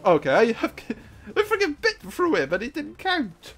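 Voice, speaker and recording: A high-pitched man commentates his gameplay live. His voice leaps all over the place, from low muttering to sudden yelps. He jokes and trash-talks his opponents. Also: moderate pace, faint music behind. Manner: excitable, swings from muttering to shouting; trash-talking, joking. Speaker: gaming YouTuber.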